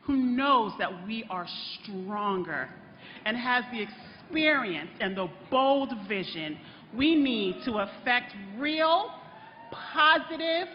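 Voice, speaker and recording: A slightly hissy or humming recording captures a high-voiced woman reading a prepared introduction of the candidate in a large rally hall. She is earnest and gets choked up, her voice coming through a dull PA with reverb and the crowd in the background.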